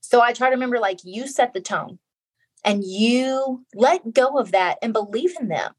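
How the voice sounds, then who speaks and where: A woman's voice: a little high, moderate pace, slightly rough. A middle-aged woman, a guest author in a casual interview, talking earnestly and repeating phrases for emphasis.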